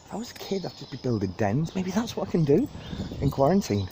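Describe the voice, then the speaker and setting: A man's voice: fairly high pitch, very animated, quick pace, background noise. A man gives a rambling, chatty walking tour of a park, talking into a phone and laughing at his own jokes. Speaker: vlogger giving a park tour. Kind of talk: casual walking tour narration. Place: outdoors in a city park. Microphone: phone held while walking.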